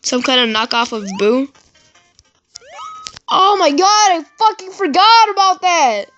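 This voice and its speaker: A gaming YouTuber giving raging gameplay commentary, swearing and yelling in frustration and muttering to himself between outbursts. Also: extremely high pitch, big pitch swings, unhurried, lo-fi sound, soft background music.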